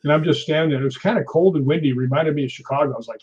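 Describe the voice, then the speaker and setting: Husky-voiced man in his sixties, telling stories. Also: on the high side, fast, hardly any pauses. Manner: animated storyteller acting out quoted voices. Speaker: guest. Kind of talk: storytelling in an interview. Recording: dull lo-fi audio.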